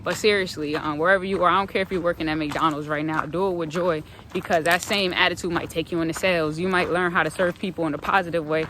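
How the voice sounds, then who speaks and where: A faith vlogger talking earnestly outdoors on a hike, giving a motivational devotional talk and repeating phrases for emphasis. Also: male voice, on the high side, steady tone, quick pace, hardly any pauses, noisy background. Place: outdoors on a hiking trail.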